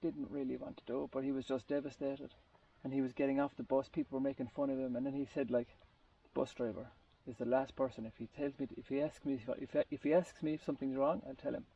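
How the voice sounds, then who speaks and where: A man with a gravelly, mellow voice tells a long story in a relaxed group conversation. He rambles and restarts his sentences as he searches for words. He sits well back from the mic, and the recording sounds muffled and lo-fi. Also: mid-range voice, fast, hardly any pauses, far from the mic. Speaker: group participant. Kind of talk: casual storytelling in a group chat.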